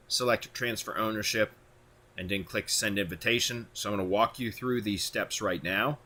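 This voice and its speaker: Bright-voiced man giving software instructions. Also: lowish voice. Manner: plain step-by-step instructions with occasional fillers. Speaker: tutorial host. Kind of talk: screen-recorded software tutorial.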